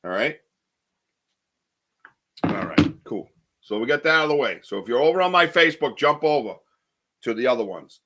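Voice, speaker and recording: Bright-voiced rambling podcast host, a man. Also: medium pitch, lively intonation, moderate pace, pauses often. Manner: rambling, chatty, many fillers and restarts. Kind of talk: casual live-stream chat, reading viewer comments.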